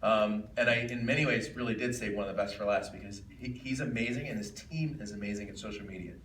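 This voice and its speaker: A man's voice: lowish voice, fast, fairly bright tone. A man hosting a live seminar, emphatic and punchy with jokes for the audience. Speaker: event host. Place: event hall with audience. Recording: echoey hall, distant mic, faint room noise.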